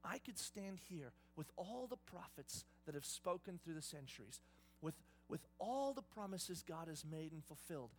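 A man preaching a sermon in an emphatic style, swinging between hushed and loud delivery. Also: a little high, big pitch swings, normal speed, a little hiss or hum. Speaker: pastor.

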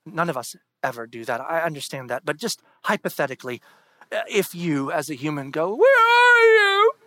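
A man preaching a sermon, reading scripture dramatically and swinging between hushed whispers and loud, soaring declarations. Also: fairly high pitch, brisk, no echo. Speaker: pastor.

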